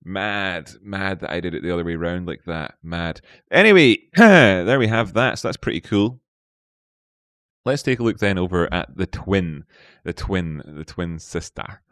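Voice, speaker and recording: A man's voice: deep voice, animated, a little slow, a bit bright, no room sound, studio quality. A man hosting a live market analysis stream, playful, chatting with viewers and talking to himself. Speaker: trading stream host.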